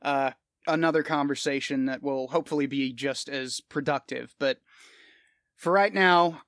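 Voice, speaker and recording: A man's voice: a little high, a bit bright, no echo, studio quality. Profane off-the-cuff podcast guy. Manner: casual, profane, rambling off the cuff. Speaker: podcast host. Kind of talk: solo podcast monologue.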